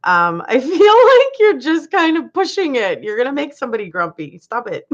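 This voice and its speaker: A woman's voice: sits high, normal speed. A woman hosting a casual live chat, reading viewers' comments aloud and laughing often. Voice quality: laughs often, chatty and animated. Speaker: livestream host. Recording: dull lo-fi livestream audio.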